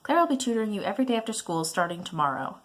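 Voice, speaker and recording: A woman's voice: medium pitch, big pitch swings, racing. A woman voicing a controlling, prying middle-aged mother in a browser game, nagging and guilt-tripping. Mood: scolding.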